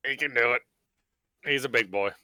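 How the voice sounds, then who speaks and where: Bright-voiced teasing American man. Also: mid-range voice, normal speed, slight background noise. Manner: teasing, playful. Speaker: co-host helping on stream. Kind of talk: casual live-stream banter.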